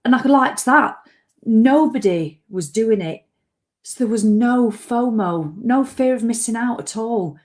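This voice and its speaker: A woman's voice: on the high side, animated, a little slow, darkish tone. A woman who runs an online business, talking casually and emotionally to camera and acting out her own anxious thoughts. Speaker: online business owner and vlogger. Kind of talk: casual reflective talk to camera.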